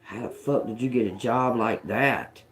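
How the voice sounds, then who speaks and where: A woman's voice: rumbling low, moderate pace. A woman giving a live-stream tarot reading, thinking aloud, repeating single words to herself, blunt and profane, often chuckling. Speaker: tarot reader.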